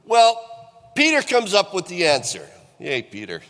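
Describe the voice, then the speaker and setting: A man's voice: high-pitched, wildly swooping pitch, measured pace, a bit bright, in a large hall. A middle-aged male pastor delivering a sermon in a conversational way, asking the congregation questions. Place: church.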